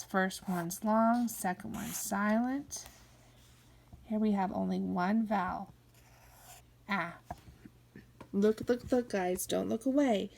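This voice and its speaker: A woman teaching phonics to young children, sounding out each word slowly and coaxing them to follow along. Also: mid-range voice, vocal fry, a little mellow. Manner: slow, drawn-out sounding-out of words; coaxing, encouraging teacher talk. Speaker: kindergarten teacher.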